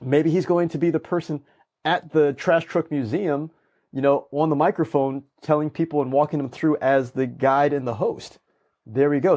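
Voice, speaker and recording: A man, a guest speaker, telling stories in casual conversation and acting out quoted lines with energy. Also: medium pitch. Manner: animated, acts out quoted lines. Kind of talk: conversational storytelling.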